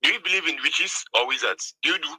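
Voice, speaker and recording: A man's voice: a little high, animated, quick pace, sharp tone, slightly rough, no echo, low-quality recording. A man in a heated religious debate who defends himself and answers questions with counter-questions.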